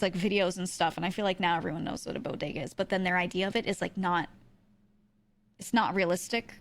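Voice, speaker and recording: A woman's voice: medium pitch, a little fast. A woman from New York chatting casually with her viewers, rambling, swearing and laughing often. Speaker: streamer.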